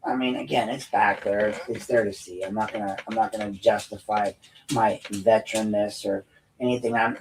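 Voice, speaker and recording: A man's voice: fairly low pitch, a little mellow, far from the mic, low-quality recording. A man from the United States hosting his own show, ranting bluntly and profanely to viewers with frequent restarts. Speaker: host and political commentator. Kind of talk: unscripted rant to viewers.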